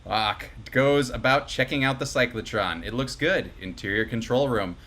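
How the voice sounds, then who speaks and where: A man's voice: medium pitch, normal speed, sharp tone. A man hosting a live comedy table read, reading stage directions with breezy asides and chuckles to the players. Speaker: host and stage-direction reader.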